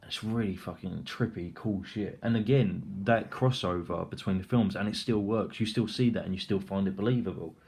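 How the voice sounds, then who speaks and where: Excitable, rambling young man, fairly low voice. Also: brisk, creaky, few pauses. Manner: rambling and excitable, heavy swearing and filler "like". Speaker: film reviewer. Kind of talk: casual spoken film review.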